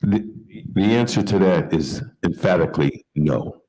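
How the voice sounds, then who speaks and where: A man answering as a panelist in a calm, emphatic, preaching way. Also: low-pitched, measured pace, breathy edge, low-quality recording.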